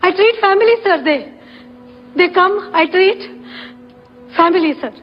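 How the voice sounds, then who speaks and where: A woman's voice: very high voice, expressive, unhurried. Desperate Indian mother. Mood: desperate pleading. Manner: broken English, begging. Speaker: mother in a courtroom. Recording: muffled film soundtrack with music.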